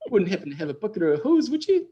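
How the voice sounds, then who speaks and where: A man voicing a beached male whale in a put-on New Zealand accent, high and giggly. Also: wildly swooping pitch, fast, dark tone, husky, muffled recording, exaggerated voice. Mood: pleading.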